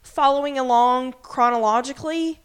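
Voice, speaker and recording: A woman with a slightly high voice chats through a TV episode recap on a podcast. She acts out the characters' lines in quick bursts and swears freely. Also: clear, resonant tone. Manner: animated retelling, acting out characters' lines, frequent swearing. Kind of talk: casual chat.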